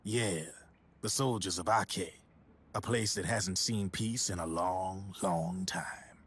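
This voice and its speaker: A man voicing a laid-back male arms dealer in a game, speaking in a wry, relaxed way. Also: sits low, slow, husky, heavily acted. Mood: grim. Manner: relaxed, wry, sometimes hushed.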